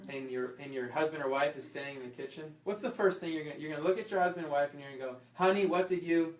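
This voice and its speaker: Man with a higher voice, chiropractor running a class, quizzes the room, roomy echo, off-mic. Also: quick pace. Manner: lively, asks the audience questions and acts out little scenes. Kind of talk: informal health class talk. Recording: echoey room, voice from far off.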